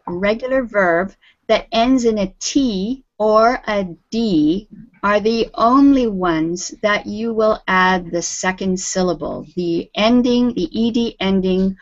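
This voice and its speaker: Over dull, lo-fi video call audio, a slow, patient woman with a medium-pitched voice teaches English. It's a live online group lesson in which she stays encouraging and calls on her students by name.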